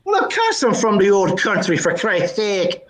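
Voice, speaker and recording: A man's voice: high voice, wildly swooping pitch, normal speed, reverberant. A man putting on a boastful drunk Irishman. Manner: boastful, declaiming.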